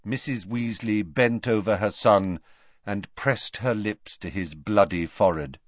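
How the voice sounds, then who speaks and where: A man narrating an audiobook with an expressive, varied delivery. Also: fairly low pitch, a little slow, dry recording, lo-fi sound. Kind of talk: scripted narration.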